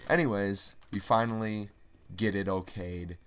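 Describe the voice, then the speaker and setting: Low-voiced young man telling a story. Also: fairly even intonation, a little slow, background noise. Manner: rambling, exasperated, many "like" fillers. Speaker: vlogger. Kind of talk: casual storytelling.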